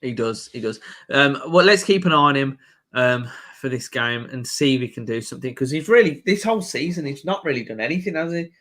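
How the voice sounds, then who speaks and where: A man's voice: mid-range voice, a little fast. Brummie man cheering a football stream. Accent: Birmingham. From Birmingham, England. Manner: excitable, cheers the team on and laughs often. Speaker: host of a football live stream reaction. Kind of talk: casual live match commentary and chat.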